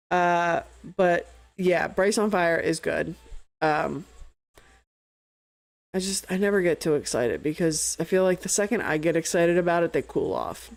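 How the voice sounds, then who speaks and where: A young woman doing casual live play-by-play of a baseball game, chatty and easily sidetracked, swearing freely between pitches. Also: animated, unhurried, vocal fry. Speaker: play-by-play streamer.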